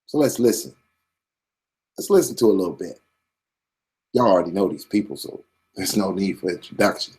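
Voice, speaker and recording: Male host, deeper side, streetwise and swaggering, lays it out bluntly like a sermon. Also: lively intonation, moderate pace, pauses often, a little mellow. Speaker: commentary channel host. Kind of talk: profane streetwise commentary monologue.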